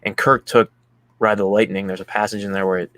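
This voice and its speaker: Low-voiced guy hosting a chill music stream, super into it, swears a lot, dry close sound. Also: level tone, fairly quick, fairly bright tone, no echo. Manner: enthusiastic, swears casually. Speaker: podcast host. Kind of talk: casual music chat.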